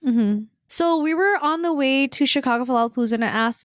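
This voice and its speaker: Woman, minnesotan accent, high voice, dry close mic, animated storyteller. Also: a little fast, clear, resonant tone, no room sound. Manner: animated storyteller, quotes friends. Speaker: podcast co-host. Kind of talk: casual chat.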